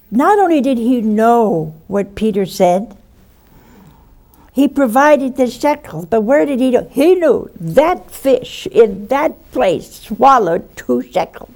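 A woman preacher giving a sermon, swinging between loud exclamations and hushed asides and laughing often. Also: on the high side.

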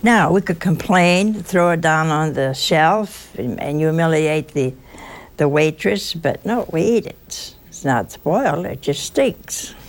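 A woman giving an informal sermon, telling chatty, teasing stories with a folksy touch. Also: lowish voice. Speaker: religious speaker.

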